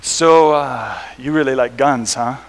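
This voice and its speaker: A man voicing a puzzled male European classmate with a put-on European accent, asking things quietly. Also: medium pitch, a little slow, voice pushed down, lightly acted.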